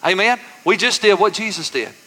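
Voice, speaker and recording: High-voiced preacher man in a reverberant church. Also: expressive, normal speed, sharp tone. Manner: preaching with congregation call-and-response; folksy, says y'all. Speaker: pastor. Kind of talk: sermon.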